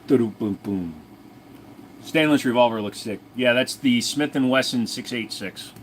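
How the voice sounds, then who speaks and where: A man's voice: medium pitch, normal speed, a little hiss or hum. A man hosting a livestream in casual chat, rambling, joking and swearing. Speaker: livestream host.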